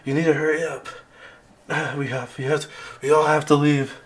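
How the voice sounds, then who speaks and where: A man voicing an injured young woman warrior who talks in an urgent, pleading, hurried way. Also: medium pitch, steady tone, creaky, a bit bright.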